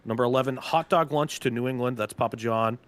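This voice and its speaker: Casual male team manager rattling off draft picks, loose and chatty, mid-pitch voice. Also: quick pace. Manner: chatty, loose, lots of filler words. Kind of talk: casual live draft commentary.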